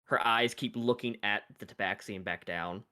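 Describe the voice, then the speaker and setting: A man narrating a tabletop game as game master, halting with many fillers. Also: lowish voice, bright, forceful tone.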